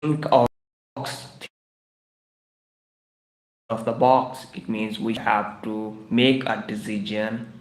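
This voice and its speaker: A man's voice: lowish voice, flat delivery, takes it slowly, pauses often, reverberant. A man teaching English idioms on a live stream, repeating each phrase several times in broken English. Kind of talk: livestreamed English idiom lesson. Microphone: live stream microphone.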